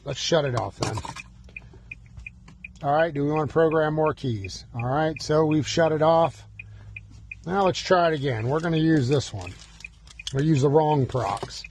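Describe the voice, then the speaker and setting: A man's voice: on the high side, a little mellow, slight background noise. A man demonstrating car key programming from inside a vehicle, talking through each step with bursts of mock panic. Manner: exaggerated mock panic, fretful exclamations.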